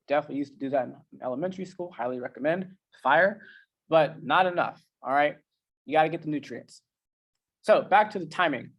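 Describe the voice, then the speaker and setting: A male coach with a slightly high voice talks fairly quickly in a casual presentation. His style is conversational and slangy, full of everyday language and many fillers.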